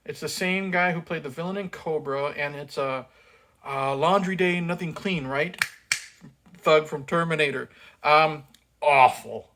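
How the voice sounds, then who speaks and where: A man's voice: fairly high pitch, moderate pace, background noise. A man giving a casual, profane film review rant, blunt and sarcastic, with many fillers as he mocks the acting.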